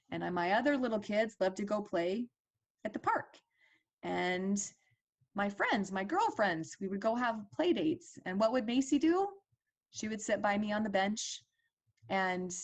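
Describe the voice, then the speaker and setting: A woman in her forties telling a personal story as a parent advocate, earnest and conversational with fillers and restarts. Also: medium pitch.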